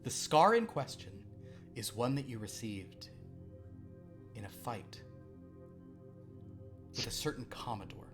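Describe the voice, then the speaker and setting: A man's voice: mid-range voice, very animated, slow pace, pauses often, soft background music. A man narrating a tabletop role-playing game as game master, playful and rambling with frequent restarts. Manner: playful, rambling, self-correcting.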